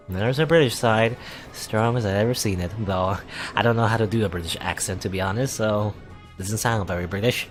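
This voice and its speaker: A man reading a visual novel aloud for a let's play, in a casual way with wry asides and quick self-corrections. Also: lowish voice, soft background music.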